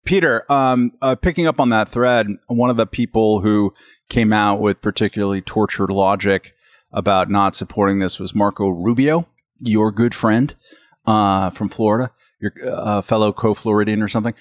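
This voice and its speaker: A man's voice: on the low side, fairly even intonation, normal speed, dry recording. Wry moderating man, dry close mic. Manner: wry, joking, hands the floor to others. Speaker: podcast moderator, magazine editor. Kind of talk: casual roundtable discussion.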